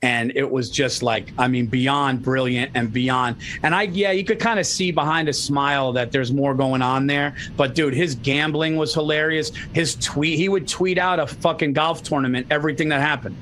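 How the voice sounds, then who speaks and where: A man's voice: mid-range voice, moderate pace, few pauses, fairly bright tone, a little hiss or hum. A man on a video call telling stories in a profane, enthusiastic casual chat. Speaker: podcast co-host.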